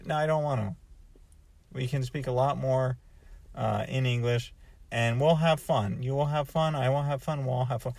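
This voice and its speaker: A man's voice: medium pitch, fairly even intonation, moderate pace, vocal fry, dry recording. A man from North America giving a casual, rambling vlog monologue, thinking aloud and often restarting his sentences. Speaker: vlogger.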